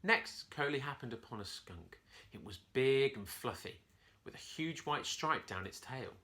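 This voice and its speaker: A man's voice: medium pitch, animated, a little slow, sharp tone. A man from a church, reading a bedtime story expressively to children.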